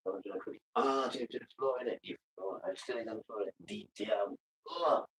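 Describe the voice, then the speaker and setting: A man's voice: lowish voice, fast, a little hiss or hum, rough recording. A man chatting casually as he cooks and heads outside, rambling and joking as he talks. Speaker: vlogger. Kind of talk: casual chat while cooking.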